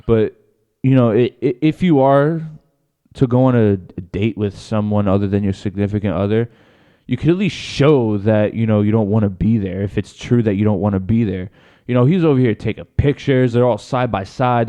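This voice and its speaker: A man's voice: lowish voice, moderate pace, dark tone, clear, resonant tone, muffled recording. A man co-hosting a podcast, arguing his point in an earnest, casual way. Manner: earnest, argumentative. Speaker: podcast co-host. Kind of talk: casual chat.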